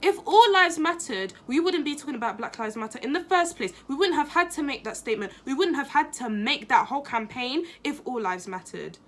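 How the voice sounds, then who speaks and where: A woman's voice: high voice, lively intonation, brisk, hardly any pauses. A young woman talking in a casual opinion vlog, impassioned and emphatic, repeating phrases for stress. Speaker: vlogger.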